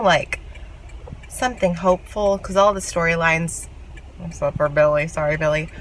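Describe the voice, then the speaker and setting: A woman's voice: medium pitch, fairly bright tone, rough recording. A young woman chatting casually and gushing about her books in a vlog, recorded in a car. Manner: chatty, gushing, self-mocking. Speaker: book vlogger. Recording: car noise behind. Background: car road noise.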